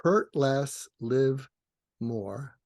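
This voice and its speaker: A man's voice: animated, drawn-out words, darkish tone, dry recording, clean studio sound. An older man, a psychiatrist guest in a podcast interview, telling a story with many restarts and acting out the dialogue. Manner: rambling with frequent restarts, acts out dialogue with rising pitch.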